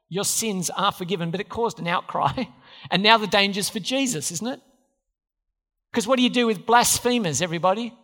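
A male pastor with a high, fairly bright voice preaches a conversational sermon in a church hall, quizzing the congregation with questions. The recording carries hall reverb.

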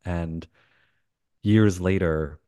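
Man, podcast guest, animated, restarts sentences, deep-ish voice. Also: extremely slow, clean tone, no echo. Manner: animated, rambling with many restarts. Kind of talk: casual chat.

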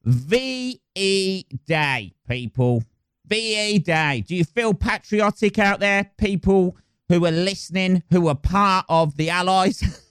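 A man's voice: sits high, a little slow, a bit bright, smooth, no room sound, clean studio sound. A young man hosting a podcast, rambling crudely and swearing in a casual comic monologue. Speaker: podcast host. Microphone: close podcast mic.

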